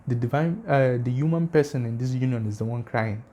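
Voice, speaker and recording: A man's voice: mid-range voice, brisk, mellow. A man hosting a religious channel, lecturing casually to viewers with emphatic, challenging arguments and rhetorical questions. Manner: addresses viewers directly, asks for comments.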